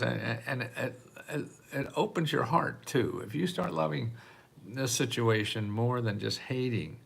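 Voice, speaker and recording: An older man talking casually to the camera in a rambling way, repeating words and laughing softly now and then. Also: on the low side, gravelly, a little hiss or hum. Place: apartment in a city.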